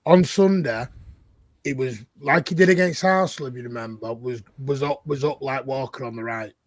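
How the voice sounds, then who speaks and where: A man's voice: medium pitch, moderate pace, no room sound. A man on a football panel, talking bluntly and animatedly and laughing as he talks. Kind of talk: casual panel chat.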